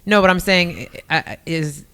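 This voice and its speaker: A man with a bright, smooth voice sitting slightly above the usual male pitch hosts a casual podcast chat. He asks his guest halting, searching questions, restarting as he looks for the words. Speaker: podcast host.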